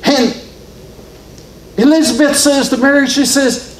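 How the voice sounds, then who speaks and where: A man's voice: sits high, slow, long pauses, a little mellow, slight background noise. A man preaching a sermon in a church, telling the story with rising and falling emphasis. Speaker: pastor. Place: church sanctuary. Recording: roomy church echo.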